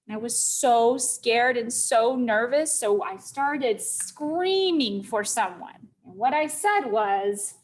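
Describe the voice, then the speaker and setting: Woman teacher reading aloud to small children. Slow, expressive delivery with lots of melody. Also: a little high, poor audio. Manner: slow, deliberate, checks in with listeners. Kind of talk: storytelling to young children.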